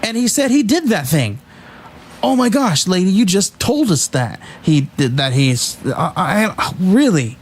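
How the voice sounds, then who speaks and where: Male comic podcast host, lively and halting, voice a touch high. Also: a little hiss or hum. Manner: animated, halting with many restarts, laughs at the text. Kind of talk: casual podcast review, reading comic dialogue aloud.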